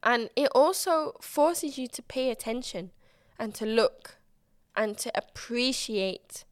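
A woman's voice: fairly high pitch, animated, slow, no room sound, studio quality. A woman hosting her own podcast, chatting candidly and expressively and swearing freely. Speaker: podcast host. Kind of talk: casual solo podcast chat.

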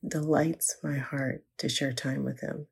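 A woman's voice: a bass voice, steady tone, unhurried, creaky, breathy edge. An older woman, a grandmother, telling an earnest, reflective faith story about her grandson. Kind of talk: inspirational personal storytelling.

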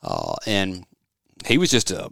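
A man's voice: low-pitched, huge pitch swings, measured pace, creaky, a bit bright, dry recording. A middle-aged man from West Tennessee, hosting a podcast in a studio office, rambling and folksy as he tells stories. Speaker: podcast host. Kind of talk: casual podcast chat.

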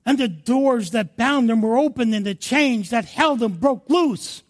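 A male pastor delivers an impassioned sermon in a very high voice. He preaches slowly and deliberately, moving between hushed passages and louder, fervent ones. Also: lively intonation.

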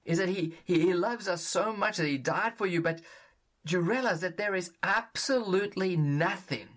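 A man's voice: sits high, moderate pace, a bit bright. A man preaching a sermon, earnest and emphatic, pressing his points with urgency.

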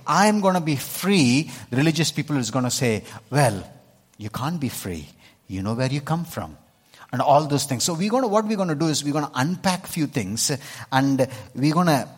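A man's voice: mid-range voice, breathy edge. A man with an Indian accent preaching a sermon to a congregation, speaking emphatically and often checking in with his listeners. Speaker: pastor. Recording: long hall reverb.

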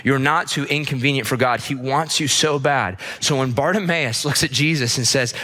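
Male pastor, impassioned sermon with repeated lines, bright tone, long church echo. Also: mid-range voice, fairly quick, hardly any pauses. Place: church service.

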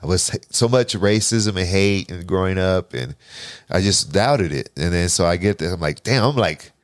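A man in his forties, a podcast guest, telling a personal story in casual, animated talk, often quoting himself and swearing. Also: low voice, moderate pace, no room sound, clean studio sound. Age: 40s. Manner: animated, profane, restarts and quotes himself.

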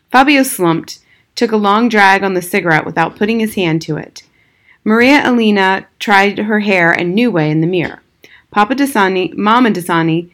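A woman reading a children's novel aloud in measured, scripted narration. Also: lowish voice. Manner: measured storytelling. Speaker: audiobook reader.

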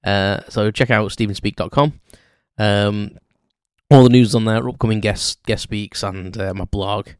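A man's voice: on the low side, no room sound, studio quality. Chatty man rambling through a story. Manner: rambling, chatty, self-deprecating, many ums. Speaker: podcast host. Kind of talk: unscripted storytelling monologue.

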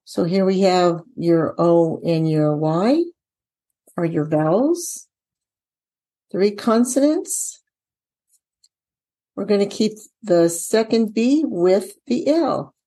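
A middle-aged woman who trains dyslexia teachers, walking through a spelling lesson out loud and asking the viewer questions as she goes. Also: fairly low pitch, slow. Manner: talks herself through each step, asks viewers questions. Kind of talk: casual instructional walkthrough.

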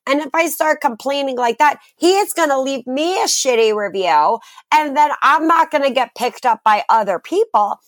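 A young woman tells a rant-filled story on a podcast, swearing freely and animated throughout. Her voice sits a little high. The sound is dry and close. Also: moderate pace, dry recording. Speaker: podcast co-host. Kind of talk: casual chat.

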